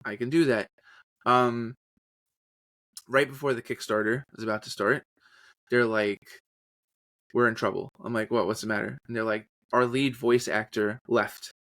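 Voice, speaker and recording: A man telling stories in a casual interview, animated, often slipping into trailer-style and character voices. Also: mid-range voice, normal speed, long pauses, no room sound. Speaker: podcast guest, voice actor and journalist.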